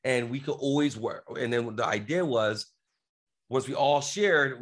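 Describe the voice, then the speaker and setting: A man's voice: medium pitch, fairly bright tone. Man, middle-aged, podcast guest; earnest casual storyteller, rambling.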